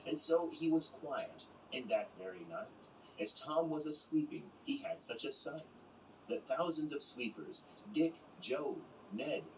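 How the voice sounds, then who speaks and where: A man reciting poems in a slow, measured, unhurried way, as an audiobook reader. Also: a little high, lively intonation. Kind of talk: slow poetry reading. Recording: roomy, distant mic with background noise.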